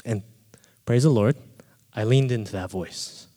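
A man preaching a sermon, telling a personal story with animated delivery and acting out his own quoted thoughts. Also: medium pitch, measured pace. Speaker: pastor. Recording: reverberant hall.

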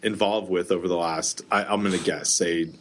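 Rambling, laughing man, low voice. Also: fairly even intonation, moderate pace, slight background noise. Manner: rambling storyteller, laughs often. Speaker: podcast co-host. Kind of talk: casual podcast chat.

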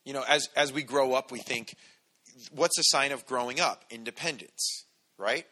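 A man preaching a conversational, animated sermon to a congregation, acting out quotes as he goes. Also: mid-range voice, normal speed. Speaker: pastor. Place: church hall with congregation.

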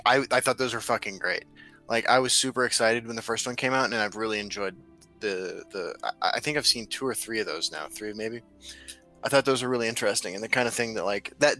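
A man's voice: medium pitch, bright, forceful tone. A man co-hosting a casual stream chat, laid-back and joking, reading out messages from chat. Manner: laid-back, swears, laughs often, reads chat aloud. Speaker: stream co-host.

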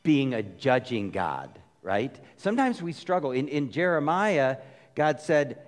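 A pastor preaches in a loose, chatty way, his pitch swinging widely as he retells scenes with asides. His voice carries a long reverb from a large church hall. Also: measured pace, soft background music. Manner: conversational, animated retelling with asides. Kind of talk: sermon.

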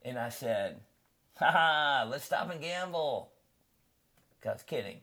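A man hosting a podcast, telling a story in casual chat and acting out the quotes with lively energy. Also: medium pitch, a little slow. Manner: animated storyteller who acts out quotes. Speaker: podcast host.

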